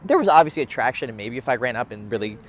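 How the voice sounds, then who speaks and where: A man's voice: mid-range voice, lively intonation, rapid-fire. Candid, swearing young man. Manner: candid, conversational, swears freely. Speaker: dating coach. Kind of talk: casual talk to camera. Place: outdoors near a bench.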